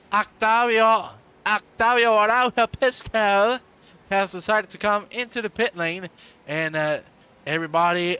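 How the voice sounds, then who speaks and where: A man calling a live sim race, animated and jokey, hyping up the viewers. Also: sits high, slight background noise. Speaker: lead sim racing commentator.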